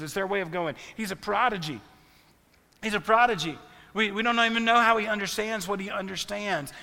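A man preaching a sermon as a pastor, telling the story in an animated, conversational way. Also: sits high, vocal fry. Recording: long reverb of a large hall.

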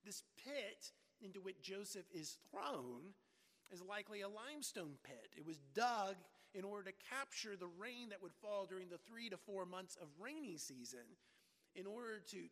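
A man preaching with dramatic emphasis, often repeating words as he presses a point home. His voice sits high for a man. A long reverb hangs after each phrase, as in a large hall. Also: a bit bright. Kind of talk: sermon.

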